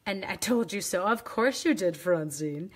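Husky-voiced chatty woman demoing crafts. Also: fairly low pitch, lively intonation, normal speed. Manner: chatty, playful, self-teasing. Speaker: craft demonstrator chatting with live viewers. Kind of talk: casual live craft demo.

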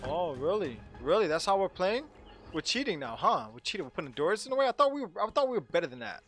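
A man playing a horror game and commenting to himself in a jumpy, excitable way, with game music behind him. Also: sits high, fast talker. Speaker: gaming channel host. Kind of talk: let's play commentary.

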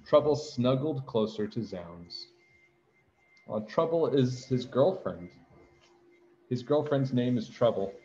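A man reading a picture book aloud to children, gently explaining words as he goes. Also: mid-range voice, expressive, takes it slowly, long pauses, muffled recording, a little hiss or hum. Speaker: teacher reading a storybook aloud.

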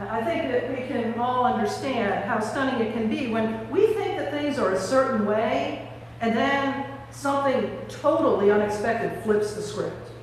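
A woman preacher delivers an Easter sermon in a high, lingering voice, animating each scene as she tells it. Her words bounce around a long-reverb sanctuary, caught from a distance with a faint hiss underneath. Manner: animated storytelling, acting out scenes. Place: large church sanctuary. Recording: echoey hall from a distant mic.

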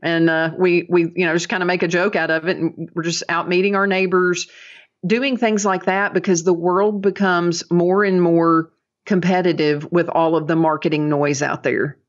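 A woman's voice: lowish voice, steady tone, normal speed. A woman guesting on a podcast as a dental business coach, talking in an upbeat, chatty way with many fillers. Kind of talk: casual podcast interview. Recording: dull lo-fi audio.

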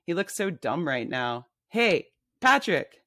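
A woman's voice: low-pitched, expressive, moderate pace, no echo, studio quality. A woman reading her memoir aloud, voicing a brash, blunt woman friend who bosses people around at a bar. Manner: pushy, blunt, bossy.

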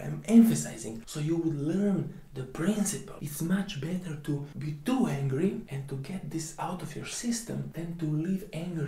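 A man's voice: fairly high pitch, dark tone, reverberant. A man giving a preachy spiritual monologue, emphatic and dropping into whispers between points. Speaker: spiritual teacher.

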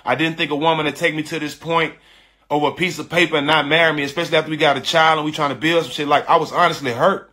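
A man with a fairly high, bright, forceful voice tells a story to his viewers in a loose, slangy way. He talks emphatically and frankly, circling back to repeat his key lines. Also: very fast. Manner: animated and emphatic, repeating phrases, addressing listeners as "dog" and "bro"; frank and confessional, with slangy speech. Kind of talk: casual storytelling to an online audience.

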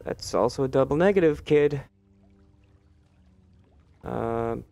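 A man with a gravelly, creaky voice narrates his playthrough at a desk mic. He cracks sarcastic jokes and answers the game's characters as if they could hear him. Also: medium pitch, unhurried, pauses often, a little mellow, faint music behind. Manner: joking, sarcastic, talks back to game characters. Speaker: let's play host. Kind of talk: gameplay commentary.

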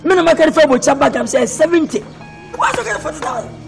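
An actor with a Ghanaian accent playing a hot-tempered man haggling over his car, shouting and repeating himself. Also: very high-pitched, lively intonation, quick pace, gravelly, faint music behind, heavily acted. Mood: furious. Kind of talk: film drama acting.

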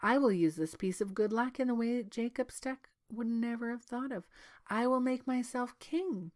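A woman's voice: fairly high pitch, moderate pace, darkish tone, voice pushed up, close to an everyday voice. A woman voicing a scheming, greedy male prime minister in a read-aloud story, speaking in a sly, insistent way.

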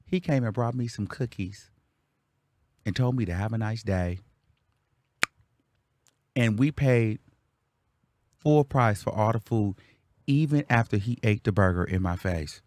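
A young man telling a story on his vlog, animated and loud when acting out what people said. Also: lowish voice, unhurried, long pauses, no room sound. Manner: animated, acts out quotes loudly. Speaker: vlogger.

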